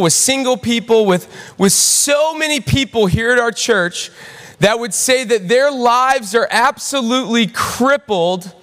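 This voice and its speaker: A young pastor with a very high voice preaches to a full church, telling a lively story and calling out to the crowd. Long reverb from the big auditorium hangs on his words. He talks in an animated way and keeps checking in with the room. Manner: storytelling, animated, audience call-outs. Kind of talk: sermon.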